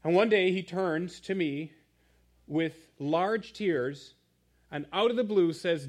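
A man preaching a sermon in church, telling a story with animated asides to the congregation. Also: sits high, takes it slowly. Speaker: pastor.

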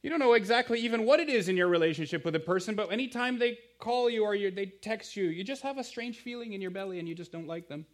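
Male preacher, thirties, slightly raised pitch, conversational sermon delivery with rhetorical questions. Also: expressive, fast, few pauses. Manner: conversational, emphatic, asks the audience questions. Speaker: guest preacher, campus missionary.

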